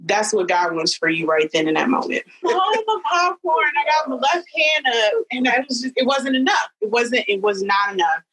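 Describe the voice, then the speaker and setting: A woman in her thirties telling a personal story as a podcast guest, animated, with high leaps when she quotes people. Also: brisk, hardly any pauses, husky, low-quality recording. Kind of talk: storytelling in casual chat.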